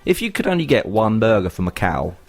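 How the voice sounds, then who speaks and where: A man's voice: on the low side, big pitch swings, a little fast, darkish tone, soft background music. A man with a British accent co-hosting a comedy radio show, teasing dryly and bringing up topics he found online. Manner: dry teasing, brings up topics from social media. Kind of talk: casual banter.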